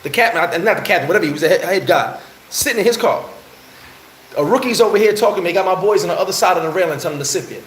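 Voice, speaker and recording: Broadcasting live from a Dominican Republic bar, this man from New York speaks very fast in a high-pitched voice, acting out quotes in an animated, heated story while responding to chat. The recording is rough and roomy, with slight background noise.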